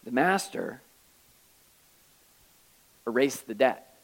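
A man's voice: medium pitch, lively intonation, drawn-out words, creaky, rough recording. A man preaching a sermon, reading scripture aloud and explaining it in a conversational way with wry asides. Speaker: pastor.

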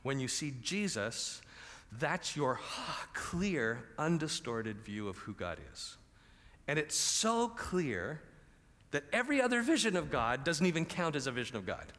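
Animated preacher man in a reverberant hall. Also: fairly high pitch, measured pace. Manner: animated, conversational, asks the audience questions. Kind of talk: conversational sermon.

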